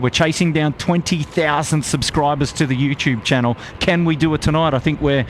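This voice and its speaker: A man with an Australian accent hosting a live stream outdoors, reading out viewer shout-outs in a friendly, upbeat way. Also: fairly high pitch, a little fast, few pauses, slight background noise. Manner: upbeat, friendly, lots of "g'day, mate". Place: outdoors at an airport plane spotting spot.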